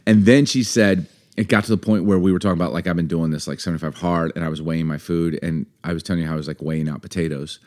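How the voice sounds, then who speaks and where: Casual podcast co-host, male, lower register, chatty and animated storyteller. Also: very fast, hardly any pauses. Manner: animated storytelling, acts out quoted voices. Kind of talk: casual chat.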